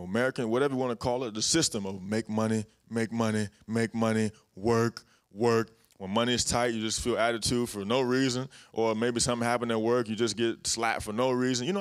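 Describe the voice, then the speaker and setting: A young adult man preaching a casual, conversational sermon full of everyday stories and repeated phrases. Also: mid-range voice.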